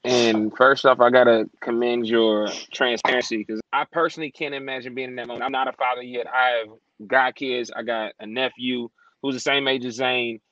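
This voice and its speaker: A man's voice: mid-range voice, little pitch movement, normal speed, few pauses, fairly bright tone, no echo. Man, interview host, earnest and sympathetic, dry lo-fi recording. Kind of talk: interview conversation. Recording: dry, dull lo-fi sound.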